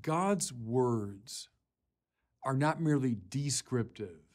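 A man, a bishop, preaching a Sunday sermon in earnest, deliberate phrases with pauses, rising in force when he quotes scripture. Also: medium pitch, animated, a little mellow. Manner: slow, deliberate delivery with pauses.

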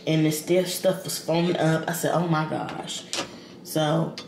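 A woman's voice: deep voice, flat delivery, unhurried, vocal fry, a crowd in the background. A woman vlogging casually from her home kitchen, rambling and slangy as she talks to her viewers. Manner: chatty, rambling, slangy, addresses viewers as y'all and girl. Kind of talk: casual chat to camera. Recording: echoey room with background noise.

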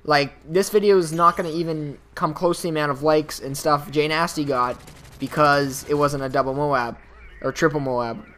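A man with a slightly high voice gives loose, rambling commentary over his own gameplay. He talks straight to his viewers in an offhand, chatty way. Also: fairly even intonation, moderate pace, pushed and bright. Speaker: YouTube gamer.

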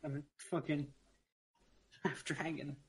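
A man player in a tabletop role-play game, chatting in a quick, joking way. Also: fairly high pitch, steady tone, breathy edge.

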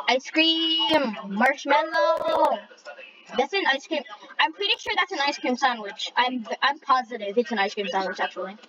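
A female gamer giving excitable live commentary on a race, with shrieking exclamations and jokey trash talk. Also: high-pitched, dull audio.

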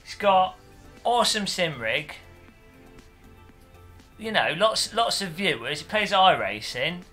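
A man's voice: sits high, big pitch swings, slow, bright, forceful tone, soft background music. A man on a casual livestream, joking, swearing and mocking himself while setting up gear. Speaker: streamer.

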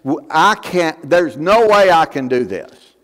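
A man's voice: a little high, animated, slow pace, fairly bright tone, voice pushed down. A pastor voicing a timid young man who pleads that he is not worthy, talking with hesitant stops. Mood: pleading doubt. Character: timid young man, doubting and self-deprecating. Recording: long church hall reverb.

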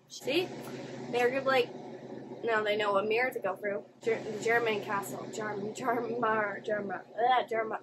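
High-voiced woman reacting to anime. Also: moderate pace, background noise. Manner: expressive, exclaiming and gasping at the screen. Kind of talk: live reaction commentary.

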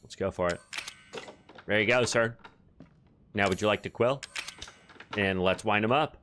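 A man's voice: fairly low pitch, measured pace, a bit bright, a little hiss or hum. A man streaming a horror game, joking and swearing as he talks to his chat. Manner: profane, jokey, talks to chat. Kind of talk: casual gameplay commentary. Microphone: desk microphone.

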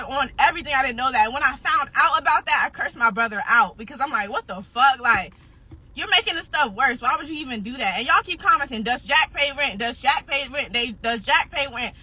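A woman's voice: sits high, pushed and bright, slightly rough. A nineteen-year-old woman venting on a livestream, upset and defensive, swearing heavily and repeating herself, close to tears at times. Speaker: social media personality.

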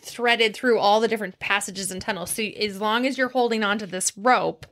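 A woman co-hosting a podcast, chatting casually and reacting with anxious, quick questions. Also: medium pitch, fairly bright tone. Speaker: podcast co-host. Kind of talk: casual chat.

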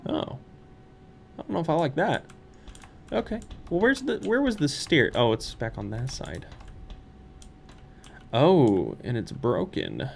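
A man's voice: mid-range voice, big pitch swings, measured pace, creaky, long pauses, slight background noise. A young man playing a horror game on his channel, muttering nervously to himself and breaking into squeals and laughs. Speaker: let's play streamer. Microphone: studio microphone.

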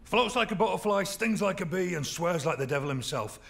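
A man's voice: high-pitched, animated, brisk, gravelly, heavily acted. A man voicing a jovial male oil rig worker, trading matey banter in a video game. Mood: teasing. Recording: game audio played back quietly.

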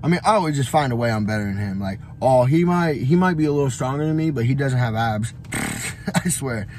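A man's voice: medium pitch, lively intonation, a little fast, a little mellow, a little hiss or hum. A young man vlogging on the road, giving a blunt, profane motivational rant full of fillers and restarts. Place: on the road, traveling.

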